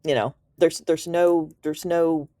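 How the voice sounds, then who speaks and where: Low, mellow-voiced chatty woman. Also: steady tone, slow pace, no echo, clean studio sound. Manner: chatty and enthusiastic, slangy, with laughs. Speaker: Reiki teacher. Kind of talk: casual storytelling explanation.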